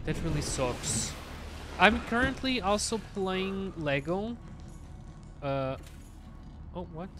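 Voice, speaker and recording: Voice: mid-range voice, lively intonation, takes it slowly, long pauses, background noise. A streamer chatting casually with viewers while playing a game, talking to themself and sounding sleepy. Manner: chatty, talks to self and chat, sleepy. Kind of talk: casual live game commentary. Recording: game music playing behind.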